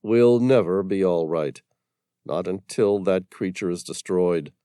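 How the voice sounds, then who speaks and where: A man's voice: low voice, unhurried, mellow, no room sound, clean studio sound. A man voicing a hunted former scientist who speaks grimly and emphatically about his fate. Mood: intense. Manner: grim, intense, emphatic. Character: grim hunted male ex-scientist, fatalistic.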